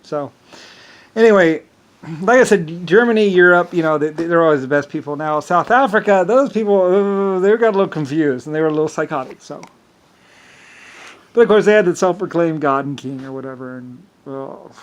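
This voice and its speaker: A man in a rambling personal monologue who talks haltingly, repeats words, fills pauses and chuckles often. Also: fairly high pitch, dull audio.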